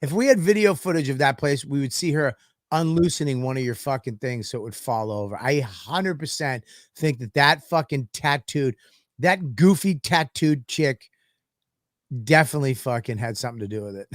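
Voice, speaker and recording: A man's voice: medium pitch, animated, moderate pace, no room sound, studio quality. A man, a comedian and podcast host, telling stories in a profane, ranting way in casual chat.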